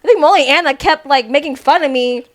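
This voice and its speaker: Young female co-host, high-pitched, easygoing and giggly casual talk. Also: quick pace. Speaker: podcast co-host. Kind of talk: casual chat.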